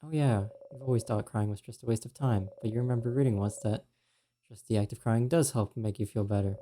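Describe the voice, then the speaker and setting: A man streaming a game, reading its second-person narration aloud in a quiet, steady way. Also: lowish voice, a little fast, slight background noise.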